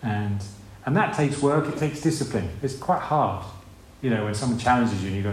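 A man's voice: medium pitch, expressive, normal speed, few pauses, a little hiss or hum. A man preaching a sermon in a conversational way, asking rhetorical questions and acting out voices. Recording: echoey room with faint ambience.

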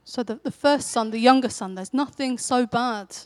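Her voice a little high and her speed normal, a woman delivers a sermon as conversational storytelling, getting animated whenever she acts out quotes. There's no echo.

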